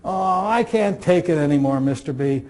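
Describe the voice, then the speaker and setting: A desperate teenage schoolboy pours out his hurt in a pleading, stammering voice that climbs high under strain. A man acts him out in the middle of a spoken story. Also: expressive, moderate pace, a little mellow, close to an everyday voice. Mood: despairing. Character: distraught teenage schoolboy threatening to jump.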